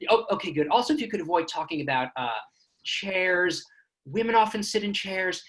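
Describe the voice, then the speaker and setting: A man's voice: high voice, moderate pace, a bit bright. A man voicing a middle-aged rabbi who makes hesitant, overly careful requests. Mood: fussy, cautious. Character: cautious middle-aged male rabbi, fussy.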